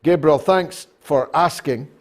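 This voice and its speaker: A man hosting a talk show, speaking in a slow, deliberate and wry way with many filler pauses. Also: on the high side. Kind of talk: talk show monologue and interview.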